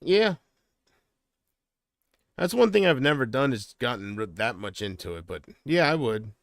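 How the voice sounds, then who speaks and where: A man's voice: medium pitch, sing-song, measured pace, no room sound. A man chatting casually on a livestream from home, rambling and hesitant, often trailing off.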